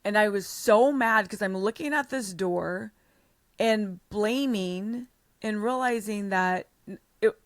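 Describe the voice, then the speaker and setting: Blunt, animated woman telling her story. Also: medium pitch, slow, dry recording, studio quality. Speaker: podcast guest. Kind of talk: storytelling in an interview.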